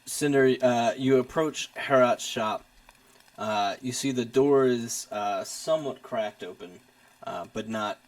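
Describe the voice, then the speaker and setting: A man narrating a tabletop game as game master, laughing often and filling pauses with uh. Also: mid-range voice. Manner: laughs often, many filler uhs.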